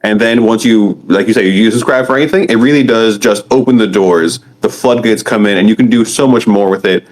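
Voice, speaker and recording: A man's voice: on the low side, a little fast, few pauses, low-quality recording. A man hosting an interview, encouraging and affirming his guest's answers. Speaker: host. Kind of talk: casual interview.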